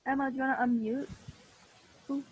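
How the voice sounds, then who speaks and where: A young woman teaching a class over a video call, explaining patiently and slowly with many fillers and restarts. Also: high-pitched, fairly even intonation, husky, lo-fi sound. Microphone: computer mic on a video call.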